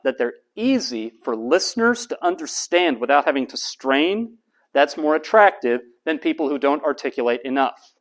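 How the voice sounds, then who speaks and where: A male college lecturer from the United States speaks with deliberation, going over key terms slowly. His examples of voice types come in a flat, low monotone.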